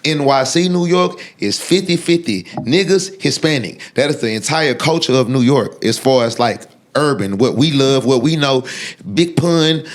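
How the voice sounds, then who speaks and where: A man talks in an unfiltered interview. He is blunt and profane, and he rambles with frequent restarts and fillers at a middle pitch. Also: lively intonation, moderate pace. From Texas. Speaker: guest. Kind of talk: unfiltered sit-down interview talk.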